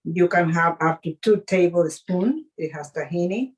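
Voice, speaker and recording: A woman chef leading a live cooking demonstration, speaking haltingly with fillers and restarts, an English speaker. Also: lowish voice, darkish tone, rough recording.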